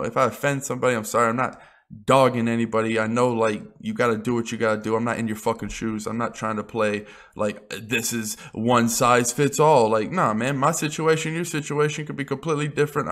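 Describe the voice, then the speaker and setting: A man's voice: mid-range voice, a bit bright. A young man giving an unscripted motivational rant as a vlogger, blunt and full of swearing. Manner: blunt, profane, emphatic.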